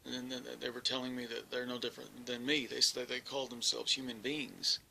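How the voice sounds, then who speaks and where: A man with a gravelly voice and a very sharp, forceful tone tells his story in the first person. He stumbles, restarts sentences and searches for the right words, with a faint hiss behind him. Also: medium pitch, level tone, brisk, low-quality recording. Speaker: experiencer recounting an encounter.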